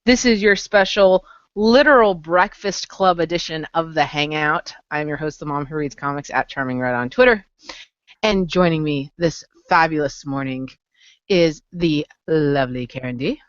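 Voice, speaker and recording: A woman's voice: low-pitched, normal speed, no echo. A woman hosting a casual chat about comics with friends over a video call, asking probing questions. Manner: chatty, asks probing questions. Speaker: host. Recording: dull lo-fi online call.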